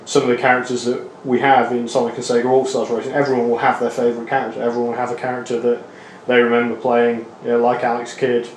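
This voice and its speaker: A man's voice: medium pitch, little pitch movement, fast, hardly any pauses. A man being interviewed as a game developer, talking with enthusiasm and many fillers. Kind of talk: interview clip. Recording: echoey room with faint noise.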